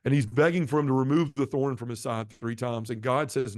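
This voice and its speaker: A man's voice: steady tone, a little fast, hardly any pauses, no echo, clean studio sound. A middle-aged man who is a podcast guest, telling his conversion story in an earnest, impassioned way. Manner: earnest and impassioned, shifting pitch and volume. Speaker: guest sharing a conversion testimony. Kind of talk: emotional testimony storytelling.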